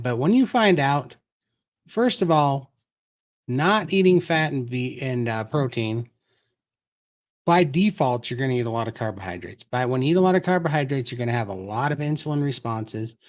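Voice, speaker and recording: Earnest man explaining on a live stream. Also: mid-range voice. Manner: earnest, explanatory, tells his story. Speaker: guest.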